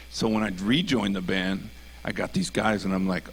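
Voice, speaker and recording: A man speaking as a guest on a church stage, earnestly telling his testimony in a casual, animated way. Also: low-pitched, normal speed, slight background noise. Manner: earnest, animated, acts out quoted voices.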